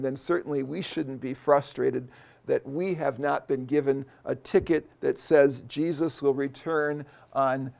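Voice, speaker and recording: Middle-aged male professor, a bit high-pitched with a gravelly edge, who lectures thoughtfully with frequent ums and restarts. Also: a little mellow. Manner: thoughtful, pauses with many fillers and restarts. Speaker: seminary professor. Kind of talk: unscripted Bible lecture.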